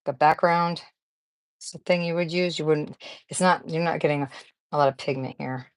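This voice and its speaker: There's no room sound as a woman with a low voice hosts a casual live craft chat, speaking at a moderate pace with fairly even intonation. The craft channel host rambles chattily while fiddling with and sorting supplies, often laughing and naming viewers as she greets them.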